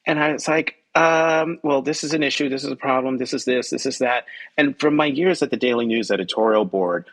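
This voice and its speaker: A man's voice: brisk, rough recording. A male journalist, a guest on a podcast, telling a personal story in conversation, acting out quoted dialogue with jumps in his voice and frequent ums. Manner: animated, acts out quoted dialogue with pitch jumps; frequent ums and self-corrections.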